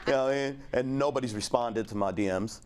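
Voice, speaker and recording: A man's voice: mid-range voice, fast talker, over a noisy crowd. A man in his thirties doing a stand-up set in a laid-back, rambling, crude way, full of fillers. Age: 30s. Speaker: stand-up comedian.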